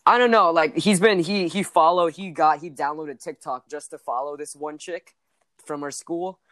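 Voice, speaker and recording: A man's voice: a little high, normal speed, a bit bright, no echo, studio quality. A teenage boy chatting casually on a podcast, joking crudely and rambling with lots of restarts. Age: teens. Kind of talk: casual chat.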